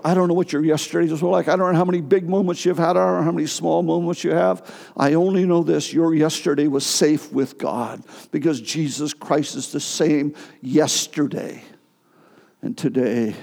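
A middle-aged male pastor preaching a sermon, telling a personal story with emotion and halting restarts. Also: on the high side, vocal fry, a little mellow. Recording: long hall reverb.

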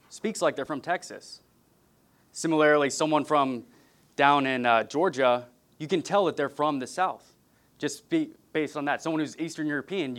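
A man from California preaches at a middle pitch in an earnest, measured way. He speaks plainly and warmly to a congregation, now and then easing in some gentle humor. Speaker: pastor. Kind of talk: sermon.

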